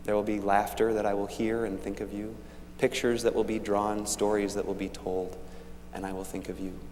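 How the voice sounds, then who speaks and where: A minister telling a story to the children during a church service in a gentle, warm manner. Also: male voice, on the low side, flat delivery, normal speed. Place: large church sanctuary. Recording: echoey church hall, faint hum.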